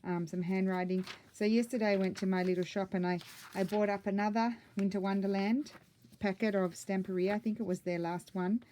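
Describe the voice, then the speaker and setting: A woman chatting casually and excitedly as she flips through a handmade journal, rambling with many ums and self-corrections, a little out of breath. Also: mid-range voice, fairly quick, a little hiss or hum. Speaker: craft vlogger.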